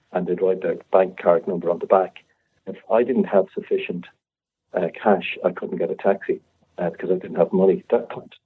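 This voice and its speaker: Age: 50s. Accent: Irish. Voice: deep, husky. Style: lively storyteller. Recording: phone-line. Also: male voice. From Ireland. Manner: animated, acts out both sides of the dialogue. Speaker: restaurateur guest. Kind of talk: storytelling anecdote. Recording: tinny phone-line sound.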